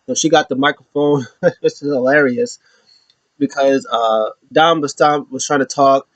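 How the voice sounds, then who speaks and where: A man casually recapping a wrestling show alone, rambling with lots of fillers and slipping into high voices for quotes. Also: steady tone, unhurried, no room sound.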